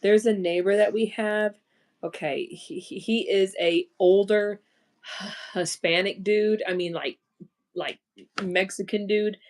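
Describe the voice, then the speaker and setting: Woman, own voice laid-back Texan co-host, slight twang, slow easy pace. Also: medium pitch, steady tone. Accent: slight Texas twang. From Dallas, Texas. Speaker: livestream co-host. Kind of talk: casual chat.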